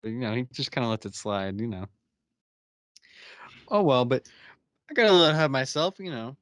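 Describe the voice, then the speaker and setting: The studio-quality recording has no room sound, capturing a man's mid-range voice as he hosts a podcast. Casually walking through a TV episode, he gets animated and performs quick impressions of what the characters say.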